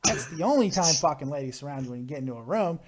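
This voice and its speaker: A man's voice: fairly high pitch, animated, racing. A man hosting a casual live call-in show, joking and swearing, at times mock-soothing. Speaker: host. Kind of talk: casual live podcast banter.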